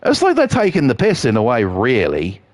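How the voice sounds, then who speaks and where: A man's voice: medium pitch, wildly swooping pitch, normal speed, no echo. A man, chatting on a live game stream in a sweary, rambling, jokey way. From England. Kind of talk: casual chat on a live stream.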